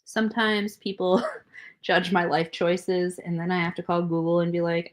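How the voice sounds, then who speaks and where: A woman's voice: fairly low pitch, steady tone, normal speed. A young adult woman co-hosting a podcast in casual chat, talkative and blunt, swearing and laughing as she tells stories. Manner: chatty, swearing, laughing asides. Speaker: podcast co-host.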